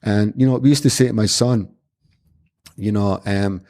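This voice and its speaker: Low, mellow man telling stories. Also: steady tone, normal speed. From Scotland. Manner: earnest, rambling anecdotes with many restarts. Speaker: martial arts instructor, podcast guest. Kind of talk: casual conversational storytelling.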